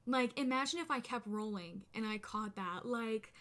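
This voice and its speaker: Young woman, vlogger, casual storytime, slightly high voice, animated, filler-heavy. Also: normal speed. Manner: chatty, animated, lots of "like" fillers. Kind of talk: casual storytime chat to camera.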